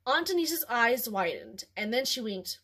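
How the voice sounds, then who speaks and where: A woman hosting a home video, chatting casually and then reading a children's story aloud with ums and pauses. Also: on the high side. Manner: animated, with ums and throat clearing.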